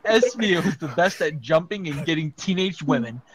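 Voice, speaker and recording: A man reading a fan story aloud for laughs, jumping into loud voices for the characters. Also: fairly high pitch, lively intonation, moderate pace, crowd noise. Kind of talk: comedic dramatic reading.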